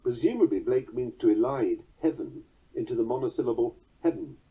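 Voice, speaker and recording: A man reading aloud from a book on poetry in a dry, wry, precise manner, slowing down to recite quoted verse. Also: medium pitch, husky. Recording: dull lo-fi sound.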